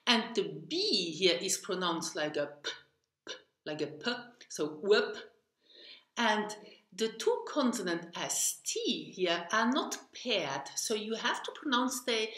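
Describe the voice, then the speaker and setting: Woman, Luxembourgish accent, very slow, lively pitch, patient language teacher, roomy echo. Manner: patient, drills words for repetition. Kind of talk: slow pronunciation lesson.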